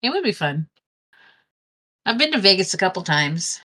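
A woman's voice: mid-range voice, big pitch swings, normal speed, bright, forceful tone. A woman chatting casually, telling a long, rambling anecdote with lots of restarts. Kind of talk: casual storytelling chat.

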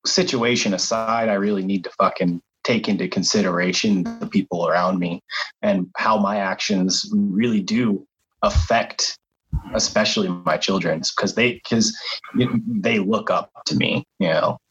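A man's voice: deep voice, steady tone, moderate pace, a bit bright. A man in a casual talk, thoughtful and easygoing, dropping the odd swear word. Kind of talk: casual chat. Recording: dull lo-fi sound.

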